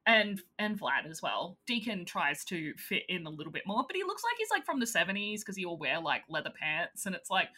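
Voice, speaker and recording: A woman co-hosting a casual chat, animated and giggly, retelling scenes with quick impressions. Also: lowish voice.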